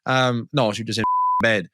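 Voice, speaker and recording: A young man from Wales co-hosting a podcast, recounting stories in a teasing, halting way. His voice has a bright, forward edge, and the recording is dry and close-miked. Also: fairly low pitch, steady tone, no echo. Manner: storytelling, teasing, halting restarts. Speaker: podcast co-host. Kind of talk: casual chat.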